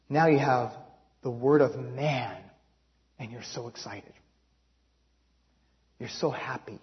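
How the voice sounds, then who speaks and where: A man voicing God in a sermon story, calm and gently rebuking with probing questions. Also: a little high, voice pushed down, full character voice. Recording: dull lo-fi recording.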